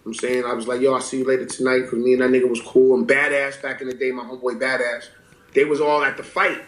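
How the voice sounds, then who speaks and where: A man in his forties telling stories in a casual interview, profane and animated, acting out what people said. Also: medium pitch, fast talker. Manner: animated storyteller, profane, acts out quotes. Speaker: rapper guest. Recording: roomy echo.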